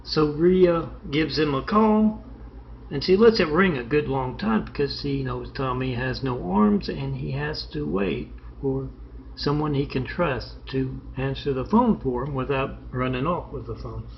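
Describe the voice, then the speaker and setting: Rambling comic storyteller, male, gravelly voice, muffled lo-fi recording. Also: medium pitch, unhurried. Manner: rambling, with fillers and asides. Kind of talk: telling absurd comic tales. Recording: muffled with faint hiss.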